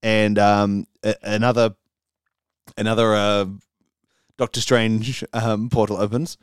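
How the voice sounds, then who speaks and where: A man's voice: on the low side, flat delivery, takes it slowly, clear, resonant tone, no echo, clean studio sound. A man co-hosting a comedy podcast, retelling a movie in rambling casual chat full of fillers. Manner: rambling, lots of fillers and laughs. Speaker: podcast co-host.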